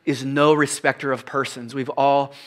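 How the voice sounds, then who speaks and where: A middle-aged man, probably a pastor, preaching a sermon, telling a personal story animatedly and dropping to hushed, confessional tones. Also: medium pitch, level tone, moderate pace.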